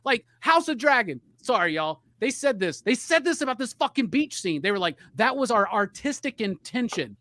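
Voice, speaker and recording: A middle-aged man on a live podcast, ranting with a profane, rambling heat. His pitch swings widely as he gets worked up. The recording is dry and close. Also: very animated, a little fast, few pauses, pushed and bright, dry recording. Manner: profane, heated, rambling rant. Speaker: podcast co-host.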